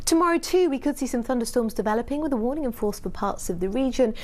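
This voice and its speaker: A woman with a British accent presenting a television weather forecast in an animated, emphatic way, from a studio. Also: fairly high pitch, fast talker. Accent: British English.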